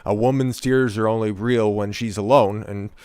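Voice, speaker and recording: A man's voice: on the low side, fairly even intonation, moderate pace, mellow, smooth, no echo. A man hosting a live stream, giving casual, sarcastic, profane commentary on a clip.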